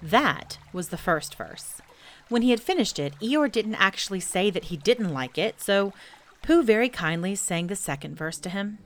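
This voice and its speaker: A woman hosting a children's story podcast, reading a book aloud gently and enthusiastically. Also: medium pitch, expressive, normal speed, faint music behind. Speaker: storybook reader and podcast host.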